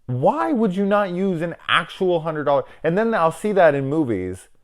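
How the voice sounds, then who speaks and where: A man's voice: a little high, very animated, normal speed. A middle-aged man giving a rambling, wry, casual film review, swearing now and then.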